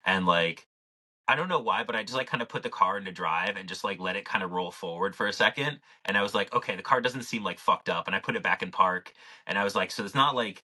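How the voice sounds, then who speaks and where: A man with a deep voice and a bright, forceful edge to it. He tells his story on a podcast in loose, rambling casual chat, dropping "like" everywhere and swearing freely. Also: fast talker. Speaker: podcast co-host.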